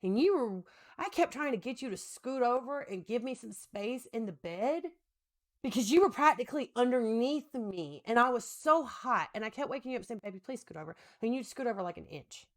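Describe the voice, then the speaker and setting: A woman's voice: fairly high pitch, animated, normal speed. Rambling woman chatting through her makeup. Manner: rambling, self-deprecating, talks to husband between steps. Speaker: makeup vlogger. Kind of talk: casual chatty makeup tutorial.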